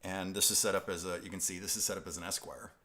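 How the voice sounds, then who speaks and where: A man's voice: low-pitched, flat delivery, fast, sharp tone. A man from upstate New York hosting a guitar live stream, chatting loosely and reading out viewer comments with frequent restarts and chuckles. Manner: rambling, self-interrupting, chuckling.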